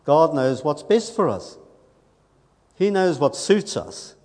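A man's voice: fairly high pitch, big pitch swings, slow pace. Earnest man preaching in a reverberant hall. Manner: earnest, conversational, with soft asides and emphatic lines. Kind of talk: sermon.

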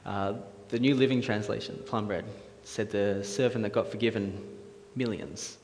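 A man's voice: fairly low pitch, steady tone, moderate pace, a little mellow, a little hiss or hum. A man preaching a casual sermon in a church hall, chatty and jokey, quizzing the audience with questions. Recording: echoey hall with faint ambience.

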